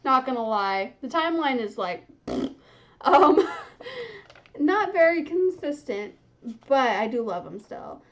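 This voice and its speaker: A woman's voice: sits high, expressive, slow, pauses often, lo-fi sound. A young woman hosting a casual book reaction, chatty and giggly, often laughing mid-sentence. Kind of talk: casual reading reaction chat.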